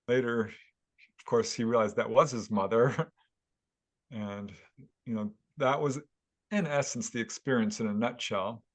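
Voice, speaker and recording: A man, a guest author, telling a story at length in a casual interview, animated and laughing now and then. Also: mid-range voice, a little slow, pauses often. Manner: animated retelling with chuckles. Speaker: guest author and UFO investigator.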